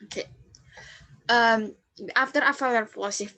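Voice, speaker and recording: A young woman, a non-native English speaker whose first language is Indonesian, giving a class presentation on phonetics in a halting way, with fillers and self-corrections. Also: a little high, pushed and bright. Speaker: student presenter.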